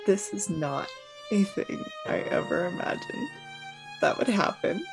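A woman player describing her character's actions, quiet and thoughtful. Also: medium pitch, animated, measured pace, vocal fry, over music. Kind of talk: casual tabletop play.

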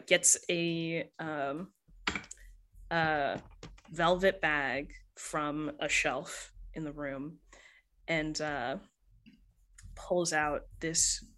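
A woman running a tabletop role-playing game, describing scenes at an easy, slow pace. Her voice sits on the lower side, and her narration is loose and full of casual fillers. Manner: relaxed, descriptive, many "um"s and "like"s. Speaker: game master.

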